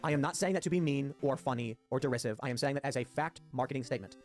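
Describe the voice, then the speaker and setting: A man hosting a political talk show, talking quickly and emphatically and acting out quoted voices. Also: mid-range voice, faint music behind. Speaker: podcast host.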